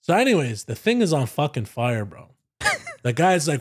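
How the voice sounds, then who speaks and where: Animated, profane man. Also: on the high side, moderate pace, breathy edge. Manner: animated, profane, says "bro" constantly. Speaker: podcast guest. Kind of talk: casual storytelling.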